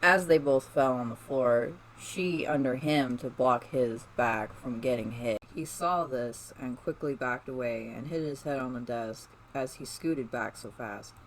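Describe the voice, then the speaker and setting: A man's voice: mid-range voice, unhurried, few pauses, a little hiss or hum, rough recording. A man narrating fan fiction aloud in a casual, unpolished way with fillers.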